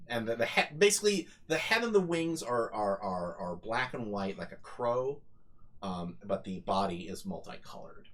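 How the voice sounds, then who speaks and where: Low-voiced man narrating a game, halting. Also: lively intonation, a bit bright. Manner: halting, full of ums and restarts. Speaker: game master.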